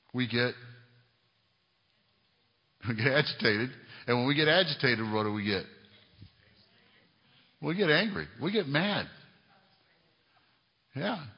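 A middle-aged male pastor preaching a sermon, building to emphatic raised peaks and dropping into quiet conversational asides. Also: medium pitch. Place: church sanctuary. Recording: reverberant hall, lo-fi sound.

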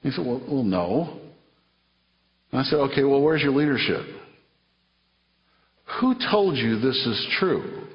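A man's voice: medium pitch, animated, measured pace, pauses often. A man preaching a sermon in an earnest way, repeating phrases and acting out conversations, heard in a church hall. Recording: muffled sound in a long-echo hall.

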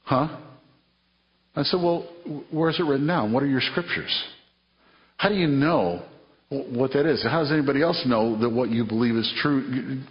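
A man's voice: mid-range voice, moderate pace. A man preaching a sermon in an earnest way, repeating phrases and acting out conversations, heard in a church hall. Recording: muffled sound in a long-echo hall.

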